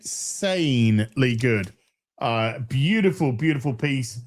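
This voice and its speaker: A man's voice: a little high, measured pace. A man co-hosting a casual online talk show, reading viewer donations aloud with lots of laughs and swearing. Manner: animated, swearing, laughing often. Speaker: podcast co-host reading superchats. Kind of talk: casual chat.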